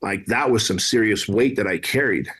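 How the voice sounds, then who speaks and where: A man's voice: fairly low pitch, moderate pace, fairly bright tone, slightly rough. Blunt, profane man from Armenia. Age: 30s. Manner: blunt, profane, casual slang. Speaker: podcast guest. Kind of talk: candid conversational storytelling.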